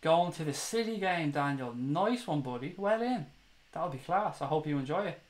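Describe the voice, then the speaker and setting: An Irish man from Dublin hosts a live chat stream for fellow fans, with a voice that sits a little high for a man. He talks directly to his viewers, airs strong opinions and swears freely, mixing banter with heated rants. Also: animated, normal speed. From Ireland (Dublin). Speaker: fan channel host.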